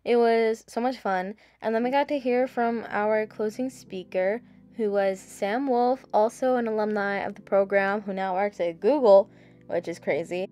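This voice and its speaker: A woman's voice: mid-range voice, fairly even intonation, moderate pace, mellow, no room sound. A young woman in her late teens narrating her vlog in a chatty, gushing way. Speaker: vlogger.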